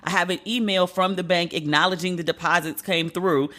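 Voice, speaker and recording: A woman around forty hosting a solo podcast, talking in an animated, profane, venting way. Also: fairly low pitch, brisk, few pauses. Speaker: podcast host.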